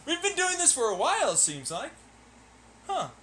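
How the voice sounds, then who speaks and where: A man's voice: very high voice, huge pitch swings, moderate pace, a bit bright, a little hiss or hum. A young man streaming alone, rambling while he plays, swearing, laughing and ranting in irritation. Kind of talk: rambling solo talk while playing.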